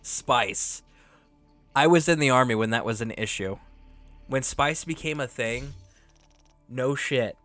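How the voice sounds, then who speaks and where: A man's voice: medium pitch, slow pace, long pauses, a bit bright, no echo, soft background music. A man streaming a video game, chatting casually, laughing often and swearing freely as he tells stories. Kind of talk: casual live-stream chat with storytelling.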